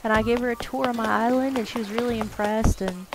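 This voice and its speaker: A woman's voice: a little high, steady tone, quick pace, very noisy. A woman hosting a gaming video, chatting casually and rambling upbeat while she plays. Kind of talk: casual gameplay commentary.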